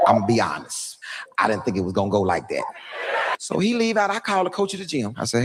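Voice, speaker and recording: Animated middle-aged man telling a story. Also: medium pitch, fairly quick. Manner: boastful, animated, acts out dialogue. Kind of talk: comic storytelling. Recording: noticeable background noise.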